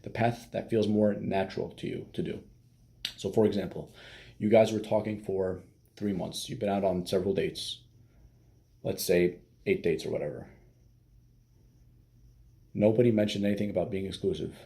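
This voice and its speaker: A man's voice: sits low, fairly even intonation, normal speed, creaky, long pauses, dark tone. A man giving casual dating advice as a coach, blunt and profane, with many fillers.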